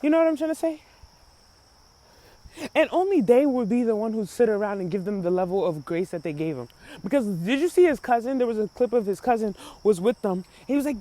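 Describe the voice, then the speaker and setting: A woman's voice: on the high side, brisk, mellow. Rambling woman commentator, lots of fillers. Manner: rambling, many fillers, acts out quotes. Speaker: commentary host. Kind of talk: casual commentary chat.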